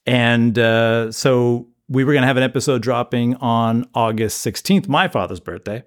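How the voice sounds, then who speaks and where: Male podcast co-host, casual chat, halting, restarts, middle pitch.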